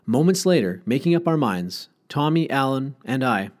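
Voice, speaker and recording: Man, audiobook narration, expressive, lively pitch, mid-range voice. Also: normal speed. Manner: expressive, storytelling. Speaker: audiobook reader.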